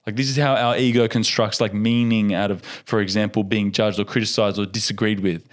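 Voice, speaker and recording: A young man, a podcast guest, telling a story in a casual and animated way, laughing often and acting out what people said. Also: on the low side, fairly quick.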